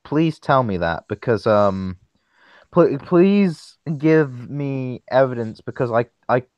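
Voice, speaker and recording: A man's voice: medium pitch, expressive, slow pace, darkish tone, no room sound, dull audio. A young man hosting a casual podcast chat, rambling, restarting and stumbling over his words. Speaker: podcast host.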